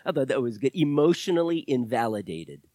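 A middle-aged male pastor preaching a sermon, animated, swinging from loud exclamations to hushed, whispered asides. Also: mid-range voice, brisk, no echo.

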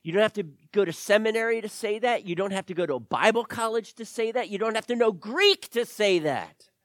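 A man preaching a sermon, swinging between loud emphatic lines and hushed, near-whispered ones. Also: sits high, brisk, dry recording. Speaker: pastor.

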